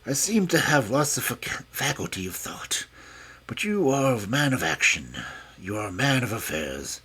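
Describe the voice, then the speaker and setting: A man's voice: mid-range voice, big pitch swings, moderate pace, pushed and bright, husky, full character voice. A man voicing a frail old male scholar who speaks with a mincing, precise manner. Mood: fussy.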